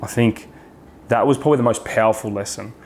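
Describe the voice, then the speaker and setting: Frank, low-voiced Australian man. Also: quick pace, darkish tone, a little hiss or hum. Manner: frank, swears freely, many restarts and fillers. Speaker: guest. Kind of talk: casual podcast chat.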